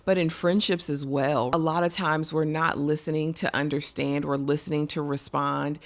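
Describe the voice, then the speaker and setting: A woman's voice: sits low, steady tone, moderate pace. A middle-aged woman, chatting emphatically through a casual TV episode recap. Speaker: vlogger.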